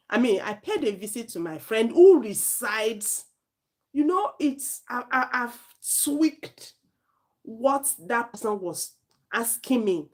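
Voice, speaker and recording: Chatty Nigerian woman teaching IELTS. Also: a little high. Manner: chatty, animated, with frequent self-corrections. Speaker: IELTS speaking tutor. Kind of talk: informal spoken lesson.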